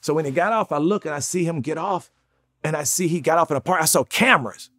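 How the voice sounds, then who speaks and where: A man tells his life story at a rapid clip, his voice a bit higher than most. He throws himself into each quoted line, jumping up in pitch and volume. The sound is close and dry, with no room around it. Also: a bit bright, no room sound. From North Carolina, USA. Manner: acts out quotes with big jumps in pitch and volume. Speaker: actor, interview guest. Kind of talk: animated storytelling. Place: studio.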